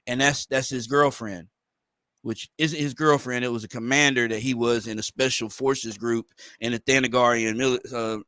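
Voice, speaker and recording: A man's voice: medium pitch, fairly even intonation, moderate pace, pushed and bright, smooth, dry recording. A man hosting a livestream, reading a comic aloud and rambling through casual commentary for viewers. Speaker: livestream host.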